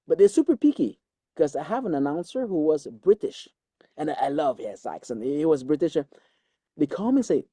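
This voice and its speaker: A man from Quebec with a Quebec French accent, a native French speaker, telling a story as an interview guest in an energetic way. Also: on the high side, normal speed, husky, no room sound. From Quebec, Canada. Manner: energetic storytelling, repeats words as he goes. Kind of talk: animated interview talk.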